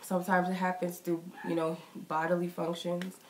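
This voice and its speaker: Giving a loose, meandering tarot reading, a woman talks chattily and thoughtfully, saying she's coming down with something and sounding a bit short of breath. Her voice is low-ish, fairly flat in pitch, slightly mellow and at a normal speed, recorded in an echoey room with faint noise.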